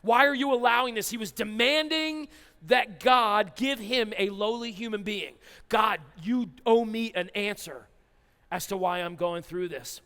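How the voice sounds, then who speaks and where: A man preaching a sermon as pastor, animated and reading scripture aloud in quick bursts. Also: sits high. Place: church hall. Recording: reverberant church hall.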